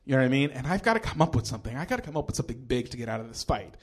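A young man telling a comic personal story on stage, animated, swearing freely and shouting out the lines he quotes. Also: mid-range voice, rapid-fire. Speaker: storyteller at a live storytelling show.

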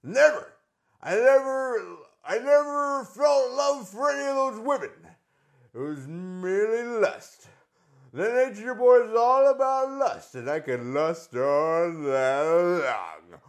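Man impersonating a boastful old male wrestler, gravelly, loud, high and swooping. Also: lively intonation, slow, heavily acted. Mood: swaggering. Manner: loud, swaggering, with "woo" yells. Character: brash boastful aging male pro wrestler. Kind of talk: comedy impression sketch.

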